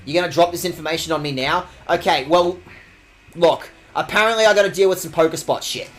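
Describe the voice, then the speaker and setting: A man's voice: fairly high pitch, fairly quick, fairly bright tone, faint music behind. A young man streaming a video game, swearing and mock-outraged as he reads the game text aloud and talks to chat. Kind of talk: casual let's-play commentary.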